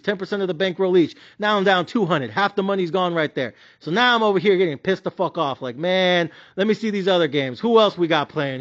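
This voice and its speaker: A young man with a Mexican-American accent rants about his sports bets, swearing constantly and raising his voice to yells. His voice sits high for a man. The recording is dull and lo-fi. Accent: Mexican-American English with Spanish interjections. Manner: profane, animated ranting, yells at times. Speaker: sports betting vlogger. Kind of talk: casual ranting commentary.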